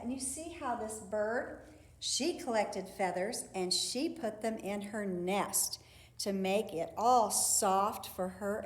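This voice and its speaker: Chatty woman teaching kids in an echoey room. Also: a little high. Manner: gentle, chatty, talks to her pet doves. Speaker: park district program specialist. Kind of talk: educational talk for children.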